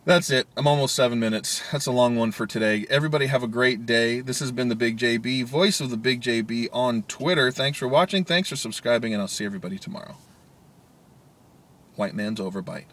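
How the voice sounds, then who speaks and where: A man's voice: medium pitch, fairly quick, a bit bright. A man talking casually in a daily video blog, rambling with many fillers and chuckling often. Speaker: vlogger. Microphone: handheld media player camera.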